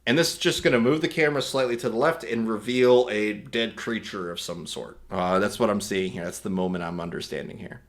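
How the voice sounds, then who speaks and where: A man's voice: fairly low pitch, a little fast, few pauses. A man hosting a casual screen-recorded tutorial, explaining step by step in a rambling, self-correcting way and chuckling at his own remarks. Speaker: host demonstrating an AI video tool.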